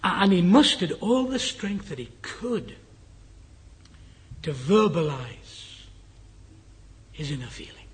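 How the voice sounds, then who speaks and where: An older Englishman preaching a sermon, telling a personal story in an earnest way and dropping to a hush at times. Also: a little high, animated, unhurried, long pauses, husky. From England. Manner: earnest, drops to a hushed whisper for the dying man's words. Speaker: guest preacher.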